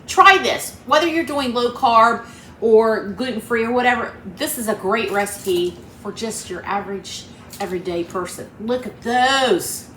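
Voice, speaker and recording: A woman's voice: on the high side, unhurried, fairly bright tone. Chatty Appalachian woman in a roomy kitchen. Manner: chatty, homey and upbeat, talking to viewers as friends. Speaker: cooking channel host. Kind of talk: casual cooking vlog. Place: home kitchen. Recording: roomy kitchen with faint background hum.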